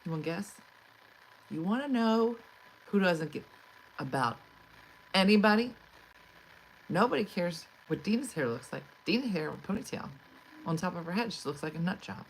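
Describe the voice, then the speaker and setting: A middle-aged woman, a comedian, telling an exasperated, animated story to her livestream audience and acting out the quotes. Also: on the low side, normal speed, pauses often, slight background noise, low-quality recording. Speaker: comedian host. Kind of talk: storytelling monologue.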